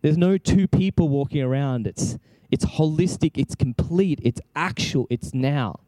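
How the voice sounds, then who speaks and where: A man's voice: a little high, unhurried, warm tone, no room sound. A man preaching an impassioned sermon, exclaiming and acting out prayers as he speaks.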